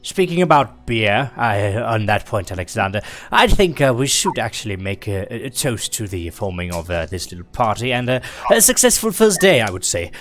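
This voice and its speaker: A man narrating as game master of a live tabletop game, relaxed and often laughing. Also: fairly low pitch, normal speed, few pauses.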